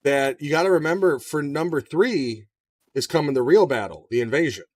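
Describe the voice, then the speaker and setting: A man's voice: on the high side, moderate pace, recorded from a distance. A man co-hosting a casual movie discussion podcast, talking loosely and with lots of swearing. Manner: profane, animated, does shouted impressions. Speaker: podcast co-host.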